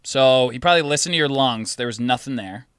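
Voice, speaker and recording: A man's voice: medium pitch, a little fast, a bit bright, clear, resonant tone, no room sound, clean studio sound. A man co-hosting a podcast, asking teasing follow-up questions in casual chat. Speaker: podcast co-host.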